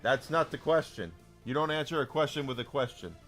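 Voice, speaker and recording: A man's voice: mid-range voice, animated, fairly quick, fairly bright tone. A man, chatting with his viewers while streaming a game, telling stories in a rambling way with lots of restarts. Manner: rambling storyteller, lots of restarts, swearing it's true. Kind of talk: casual chat while gaming, talking to chat. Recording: faint game music underneath.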